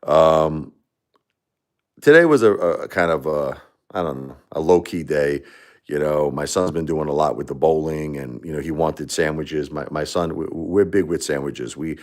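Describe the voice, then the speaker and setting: Brief: middle-aged man, very low voice, rambling and heartfelt, hosting his own livestream. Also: normal speed. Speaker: livestream host. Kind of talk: casual livestream talk.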